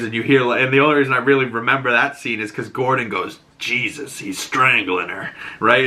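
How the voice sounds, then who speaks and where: Young boston guy recapping a tv show on his podcast, bright punchy voice, does little voices for the characters. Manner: animated, acts out quoted lines in higher voices. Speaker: podcast host. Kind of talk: casual TV episode breakdown.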